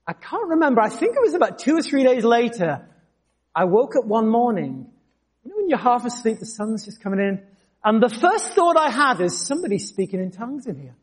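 A male preacher tells his own story during a sermon, moving from quiet asides to sudden lifts. He speaks in an animated, storytelling way. His voice sits high for a man. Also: normal speed. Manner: storytelling, animated, jumps to shouts. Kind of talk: sermon with personal testimony.

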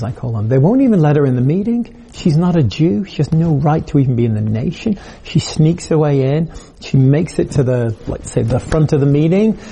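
Male preacher, very dark mellow voice, husky, chatty storytelling sermon. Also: a little high. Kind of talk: video sermon.

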